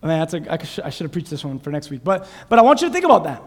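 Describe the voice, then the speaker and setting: A pastor with a notably high voice delivers an animated sermon, quizzing his congregation as he goes. His words ring through a long church-hall reverb, picked up on a clip-on lapel mic. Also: racing, hardly any pauses. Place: church sanctuary.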